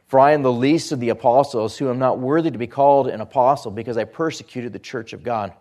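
A man preaching a sermon, reading scripture aloud and explaining it earnestly, rising for emphasis and dropping low at phrase ends. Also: fast, darkish tone. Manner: rises in pitch and volume for emphasis, drops low at phrase ends.

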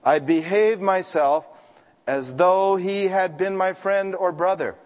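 A man preaching a sermon in an emphatic, animated way, breaking into dramatic asides. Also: sits high, slow. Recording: long hall reverb.

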